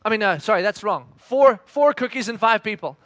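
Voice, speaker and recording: A man in his thirties giving a conversational sermon as a pastor, an animated storyteller who acts out the voices of his family. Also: high voice, brisk, no echo.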